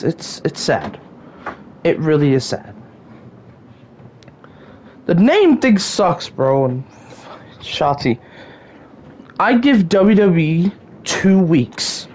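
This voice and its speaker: Exasperated husky woman ranting. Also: low voice, very animated, slow, pauses often, darkish tone. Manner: exasperated ranting, sighs and stammers. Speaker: podcast host. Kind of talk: solo wrestling rant podcast.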